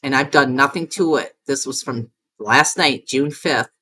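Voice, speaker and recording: Bright-voiced woman vlogger, rambling and emphatic. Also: very deep voice, a little slow, slight background noise. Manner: rambling and emphatic, with frequent cursing. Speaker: video creator. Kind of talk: casual vlog narration over footage.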